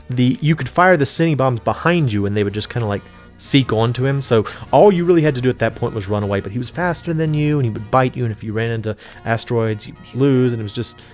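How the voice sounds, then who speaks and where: A man's voice: mid-range voice, fast, soft background music. A man hosting a casual let's play of retro games, rambling and forgetful with lots of fillers. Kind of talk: casual gameplay commentary.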